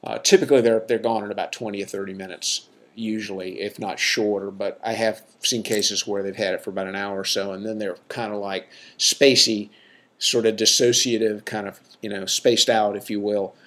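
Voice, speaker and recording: A man's voice: on the low side, fairly even intonation, normal speed, a bit bright. A middle-aged man, a clinician, talking casually for a podcast, rambling with many fillers and self-corrections, frank and jokey.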